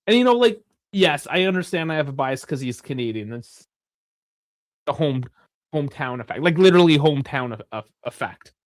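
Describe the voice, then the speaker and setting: A young man hosting a live football watch-along, chatty and rambling, swearing freely and bursting into shouts at big chances. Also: a little high, animated, fairly quick, no room sound, clean studio sound. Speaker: live stream host.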